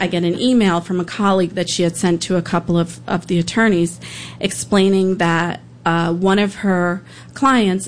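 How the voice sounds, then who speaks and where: A woman's voice: lowish voice, slight background noise. Earnest woman telling a personal story. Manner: earnest, halting, emotional retelling. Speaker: public defender.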